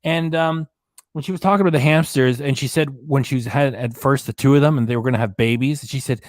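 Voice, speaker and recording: A man's voice: mid-range voice, fairly quick, no echo, studio quality. Sarcastic man hosting a live commentary stream. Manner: sarcastic, scornful, rambling. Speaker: commentary channel host. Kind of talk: livestream reaction commentary.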